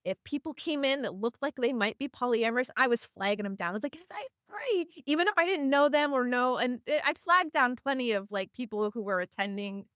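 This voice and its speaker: A woman guest on a podcast, chatting casually and telling stories in an animated way, often with fillers. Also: fairly high pitch, brisk, hardly any pauses, no echo, studio quality. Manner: animated, acts out voices of people in her stories. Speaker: podcast guest, community organizer. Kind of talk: casual storytelling in conversation.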